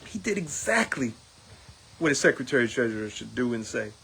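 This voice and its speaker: A man's voice: mid-range voice, sing-song, a little fast, creaky, bright, forceful tone, breathy edge. A middle-aged man, a union steward, speaking in a casual monologue and acting out quoted exchanges in a raised voice.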